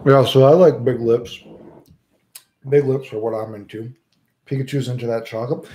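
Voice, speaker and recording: A man's voice: mid-range voice, fairly even intonation, normal speed, mellow, reverberant. A man with a Southern American accent, chatting casually with live viewers, rambling, swearing freely and tagging his lines with "right?". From United States. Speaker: livestreamer.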